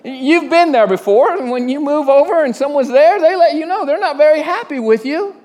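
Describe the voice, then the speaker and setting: A middle-aged pastor preaching a sermon, conversational, with frequent stammered restarts and questions to the congregation. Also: male voice, very high voice, lively intonation, a little mellow, some chatter behind. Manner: asks the congregation questions and pauses for answers.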